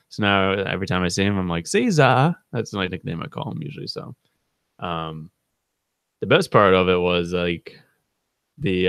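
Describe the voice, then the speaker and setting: A man's voice: sits low, gravelly, no room sound, studio quality. A man in his thirties hosting a live stream, rambling through funny stories about a friend, laughing often and quoting people in a raised voice. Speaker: channel host. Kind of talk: casual storytelling on a live stream.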